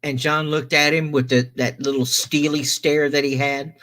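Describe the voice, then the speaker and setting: A man's voice: a little high, flat delivery, normal speed, bright, forceful tone. A man hosting a stream, telling a long story casually, rambling with many restarts and self-corrections.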